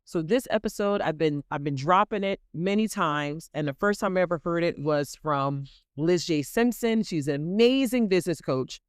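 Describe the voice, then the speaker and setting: A woman delivers a motivational podcast monologue into a close mic, her voice smooth and resonant. She leans on repetition and calls her listeners queens and y'all. The sound is dry, with no room echo. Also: lowish voice, normal speed. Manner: animated, swings between excited bursts and soft intimate asides. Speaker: podcast host. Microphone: close studio microphone.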